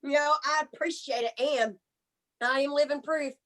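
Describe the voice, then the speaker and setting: A woman's voice: high voice, steady tone, moderate pace, fairly bright tone, low-quality recording. A woman doing bawdy stand-up comedy in a brassy, folksy manner, drawing out her punchlines. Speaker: stand-up comic. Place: comedy stage.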